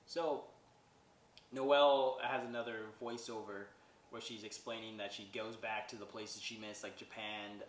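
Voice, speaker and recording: A man with a slightly low voice talks through a film's plot in a loose, rambling way, often adding "like" and asking "right?". He sounds set back from the mic in a room with a lot of echo. A faint hum of ambience sits underneath. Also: a bit bright, recorded from a distance. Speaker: podcast host reviewing a movie. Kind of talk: casual plot recap.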